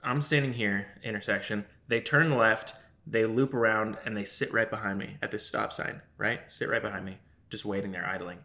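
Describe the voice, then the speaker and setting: A young man co-hosting a podcast, telling an animated story with acted-out quotes and frequent swearing. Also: fairly low pitch, moderate pace. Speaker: podcast co-host. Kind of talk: casual chat, storytelling.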